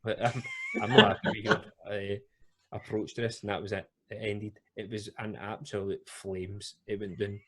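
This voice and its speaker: Rambling, laughing Scottish storyteller. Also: male voice, on the low side, flat delivery, normal speed. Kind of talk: casual storytelling.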